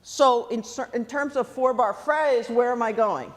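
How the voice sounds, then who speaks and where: A woman's voice: fairly high pitch, unhurried. Woman coaching a band in a big hall. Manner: lively, questioning, encouraging. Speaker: band clinician. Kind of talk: rehearsal coaching. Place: large theatre stage. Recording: long hall reverb.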